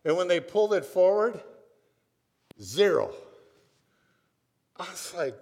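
Sitting high and sing-song, this man's slow, somewhat mellow voice belongs to a pastor from Minnesota, USA. Long hall reverb carries his sermon as he tells stories conversationally and keeps asking "right?".

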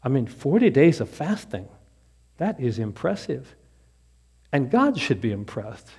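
A man voicing the devil as a flattering tempter in a sermon story. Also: mid-range voice, unhurried, husky, exaggerated voice. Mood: coaxing. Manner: flattering, coaxing. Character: smooth-talking male devil tempter.

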